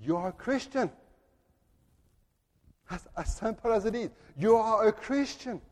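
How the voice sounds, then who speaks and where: A male pastor preaching a sermon in a large church, emphatic, building up to loud declarations. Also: high voice, expressive, a little slow. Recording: long reverb of a church hall.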